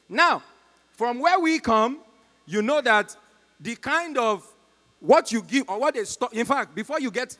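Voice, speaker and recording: A Nigerian man performs live stand-up comedy on a concert stage in a large hall, telling stories and talking to the crowd. His voice is high with a fairly bright tone, and the hall adds a long reverb.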